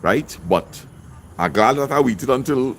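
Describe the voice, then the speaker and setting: A man's voice: medium pitch, expressive, unhurried, a little hiss or hum. A middle-aged man hosting a livestream, reading viewers' comments and greeting them by name. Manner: chatty, shouts out viewers by name. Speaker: livestream host. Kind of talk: live-stream chat, reading comments.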